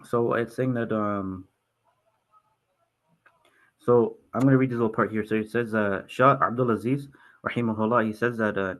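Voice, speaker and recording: A young man teaching a Quran translation class, halting and restarting often and apologizing for stuttering. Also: lowish voice, a bit bright. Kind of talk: online Quran translation lesson.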